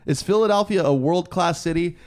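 A man co-hosting a sports podcast in casual chat, animated and jokey with quick reactions. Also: high-pitched. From Florida. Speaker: podcast co-host.

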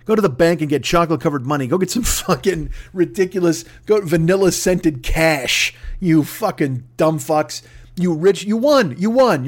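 A man delivering an angry, profane, mocking comedic rant. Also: high-pitched.

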